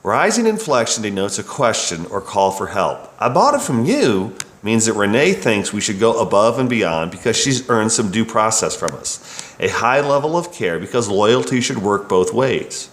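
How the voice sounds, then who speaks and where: A man's voice: fairly low pitch, expressive, moderate pace. Wry man telling a work story. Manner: wry and opinionated. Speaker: bike shop service writer. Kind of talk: reading a personal work story. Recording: roomy echo.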